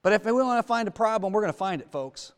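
A man preaching a sermon in a church, talking to the congregation with rhetorical questions and swinging from loud to hushed. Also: high voice, animated, quick pace, clean tone, in a large hall. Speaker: lay preacher.

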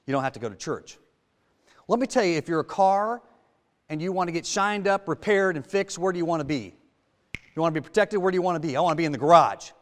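A man's voice: fairly high pitch, lively intonation, fast. Man preaching in a reverberant church. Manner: conversational, rhetorical questions, swings from loud to hushed. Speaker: lay preacher. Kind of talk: sermon.

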